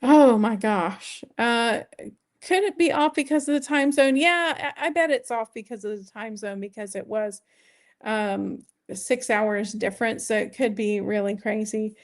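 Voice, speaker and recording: A woman's voice: fairly high pitch, fairly even intonation, moderate pace. Chatty, rambling woman vlogger. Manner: chatty and rambling, with many fillers and self-corrections. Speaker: weight-loss vlogger. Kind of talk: casual vlog chat, reading viewer questions.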